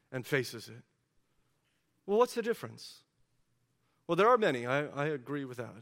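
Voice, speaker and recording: A man preaching a sermon as pastor, animated and questioning, often repeating words as he builds up. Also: mid-range voice, in a large hall.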